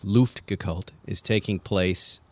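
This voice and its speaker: A man's voice: low voice, slow, no room sound. A man co-hosting a casual talk show, telling stories and acting out the other people's lines as he goes. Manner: animated storyteller acting out quoted voices. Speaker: podcast co-host. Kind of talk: casual chat, storytelling.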